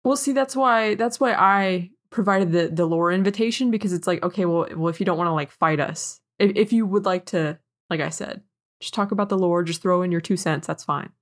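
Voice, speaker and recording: A woman's voice: lowish voice, brisk. A woman co-hosting a casual podcast, chatty and loose, with lots of likes and ums. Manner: chatty, full of likes and ums, laughs easily. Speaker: podcast co-host.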